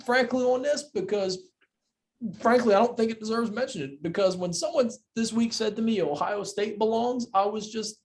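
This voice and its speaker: A young man co-hosting a sports podcast in casual chat, animated and incredulous, repeating himself and swearing freely. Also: high-pitched, fairly quick. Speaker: podcast co-host.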